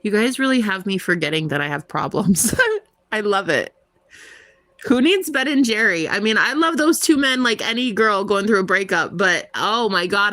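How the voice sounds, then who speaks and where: A woman's voice: lowish voice, vocal fry, fairly bright tone, dry recording. A young American woman, a tarot reader, chatting casually and giggling with her live viewers, rambling with lots of "like". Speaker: tarot reader livestream host.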